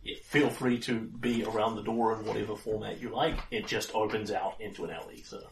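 A man running a tabletop game as game master, quick to chat and direct players. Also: fairly low pitch. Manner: animated, quick asides to players. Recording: echoey room, mic far off, faint hiss.

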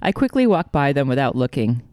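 A woman's voice: a bass voice, sing-song, brisk, darkish tone, no echo, studio quality. A woman co-writer reading her own story draft aloud in the first person and chatting between passages, often laughing. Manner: giggly, reads in first person. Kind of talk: reading aloud and casual chat. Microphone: video call.

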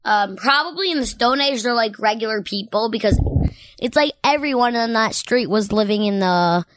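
An eleven-year-old girl chatting as a podcast guest, with lots of "like" fillers and a lively, chatty manner. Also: fairly high pitch, normal speed. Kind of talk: casual chat.

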